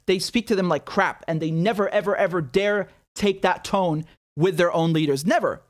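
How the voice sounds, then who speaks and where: Hosting a political commentary livestream, this man rants in an animated, exasperated manner, peppering it with sarcasm. He speaks at a normal speed in a high-pitched voice.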